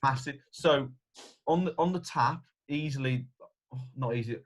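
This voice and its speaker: A man's voice: mid-range voice, moderate pace. A man from England co-hosting a casual podcast, blunt and emphatic. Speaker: podcast co-host. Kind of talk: casual chat.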